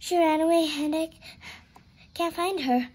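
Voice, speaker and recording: A woman's voice: very high-pitched, a little slow, darkish tone, pitched above the performer's own voice. A woman reading aloud and voicing a worried young boy in a children's storybook who pleads for help finding his kitten.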